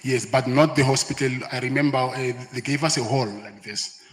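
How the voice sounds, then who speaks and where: A man answers questions as a witness, explaining things in a measured, matter-of-fact way. His middle-pitched voice trails into a long hall reverb. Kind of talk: formal testimony. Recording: hall reverb, played inside a reaction stream.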